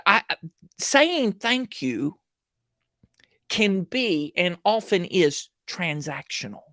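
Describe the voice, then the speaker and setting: Guest speaker, male, earnest and animated storyteller, recorded dry and close. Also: sits high, slow, no echo. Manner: earnest, animated storyteller who acts out quoted dialogue. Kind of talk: storytelling conversation on a livestream show.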